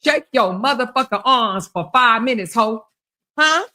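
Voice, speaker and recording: A middle-aged woman hosting a livestream, trash-talking with loud profanity and taunts while she exercises her arms. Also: on the high side, expressive, unhurried. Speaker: livestream commentary host.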